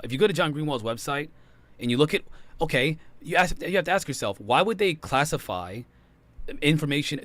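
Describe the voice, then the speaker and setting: A man's voice: mid-range voice, a bit bright. A man arguing his point in a heated debate, insistent and exasperated, often breaking off and restarting. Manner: fast, insistent, frustrated arguing.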